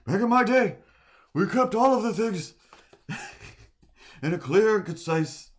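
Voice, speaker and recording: A man's voice: sits high, expressive, takes it slowly, pitched above the performer's own voice. A man putting on a voice of an old man grumbling about the past, in an exaggerated way.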